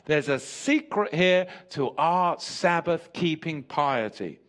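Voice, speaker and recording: A man preaching a Sabbath sermon as a teacher, repeating key phrases for emphasis and slowing down on the words that matter. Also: on the high side, lively intonation, fairly bright tone. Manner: slows and drops his voice on key words. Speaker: pastor teaching a weekly Sabbath lesson.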